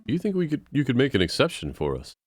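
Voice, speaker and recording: A man voicing a polite, measured male bird defense attorney. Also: medium pitch, wildly swooping pitch, faint music behind, voice pushed up.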